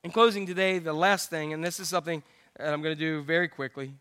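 A man's voice: on the high side, fairly even intonation, fast talker, fairly bright tone, smooth. A man pastor preaching an earnest, conversational sermon.

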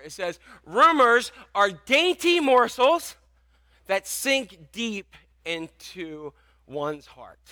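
Chatty preacher with a bright high voice. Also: male voice. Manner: conversational, asks the congregation questions, tells anecdotes. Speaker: pastor. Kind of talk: sermon.

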